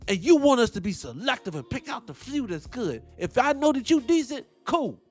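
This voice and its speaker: A man hosting a morning talk show, ranting in a fired-up, animated, profane way. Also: very high voice, moderate pace, slightly rough, soft background music. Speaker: host. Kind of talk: commentary rant.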